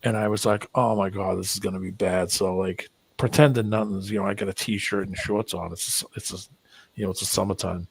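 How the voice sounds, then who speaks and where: A man's voice: deep voice, fairly even intonation, brisk, creaky, breathy edge. A man hosting a casual stream chat, telling stories and acting out what people said, swearing casually. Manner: storyteller who acts out voices, swears casually. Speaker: stream host.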